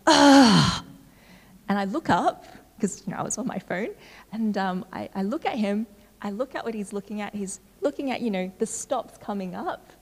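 A woman giving a church talk in a relaxed, conversational storytelling way with frequent fillers. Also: mid-range voice. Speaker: church speaker. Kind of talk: sermon. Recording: reverberant hall.

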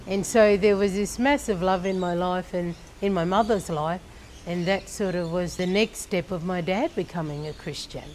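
A middle-aged Australian woman on a church leadership team tells her personal faith testimony, slowly and earnestly, pausing and laughing as she goes. Her voice sits on the low side, steady and a little mellow, with a faint hiss or hum behind it.

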